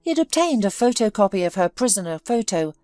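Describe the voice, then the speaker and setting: A woman's voice: medium pitch, sing-song, quick pace, a little mellow, dry recording, clean studio sound, soft background music. A woman telling a dramatic story in scripted narration.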